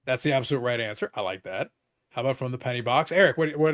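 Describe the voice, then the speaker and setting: A man's voice: mid-range voice, fast talker, fairly bright tone, no room sound, studio quality, faint music behind. A man hosting a live stream, reading viewer comments aloud and joking with his co-hosts in casual banter. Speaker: livestream host.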